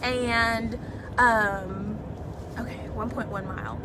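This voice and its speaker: A woman's voice: fairly high pitch, fairly even intonation, takes it slowly. A young woman rambling and venting with lots of swearing as she talks on a live stream from her car. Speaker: vlogger. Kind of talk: casual live-stream chat while driving. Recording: phone audio with loud car noise. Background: road and traffic noise.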